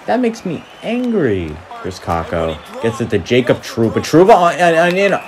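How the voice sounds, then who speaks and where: A man's voice: mid-range voice, moderate pace. A young man doing play-by-play commentary while he plays a video hockey game, calling goals like a sportscaster and yelping and groaning at the action. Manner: excitable, mock sportscaster calls, yelps and groans. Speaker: gaming YouTuber. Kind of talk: live play-by-play gaming commentary.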